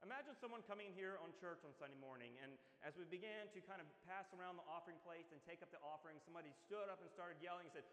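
Echoey priest preaching. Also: male voice, sits high, fairly bright tone. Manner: measured, explanatory preaching with acted-out quotes. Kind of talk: sermon. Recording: echoey church with long reverb.

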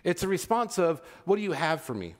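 A man's voice: high-pitched, big pitch swings, fairly quick. A man in his thirties preaching a sermon as pastor, in a casual, conversational way that keeps checking in with his listeners. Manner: conversational, checks in with "okay?" and "right?".

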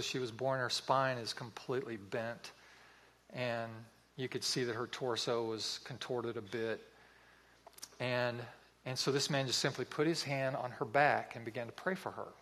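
A man preaching a sermon, telling a story in an earnest, vivid way with pauses. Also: mid-range voice, fairly bright tone.

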